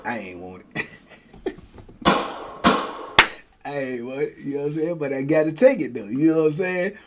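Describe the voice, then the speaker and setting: A middle-aged man tells a prison story in a casual, lively way, and his voice sits a little high for a man. He acts out the guards and his own shouts in loud, high bursts, then sinks low and quiet for his asides. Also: moderate pace, very noisy. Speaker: storyteller host.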